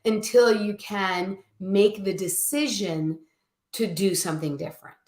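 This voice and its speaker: Animated woman telling a story. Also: medium pitch, measured pace. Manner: animated storyteller, acts out quoted voices. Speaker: guest. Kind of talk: casual storytelling in a live chat. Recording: echoey room.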